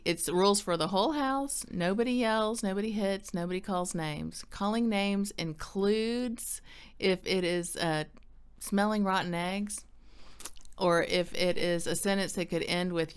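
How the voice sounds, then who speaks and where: A woman's voice: mid-range voice, measured pace, smooth. A middle-aged woman, director of a counseling center, giving friendly, chatty parenting advice to the camera in an upbeat way. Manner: chatty, upbeat, acts out quoted dialogue, laughs easily.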